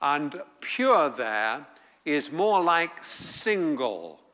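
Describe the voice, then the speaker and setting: A man with an English accent leads a Bible class, reading verses aloud and stopping to explain each one. His voice is bright and a little high, and he speaks slowly and deliberately. The room's long reverb trails after his words. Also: big pitch swings. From England. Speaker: Bible teacher.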